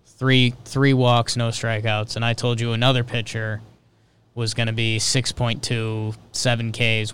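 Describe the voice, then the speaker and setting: Excitable male baseball podcast host. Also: clear, resonant tone. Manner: excitable, jumps into high pitch for emphasis. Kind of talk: casual sports talk.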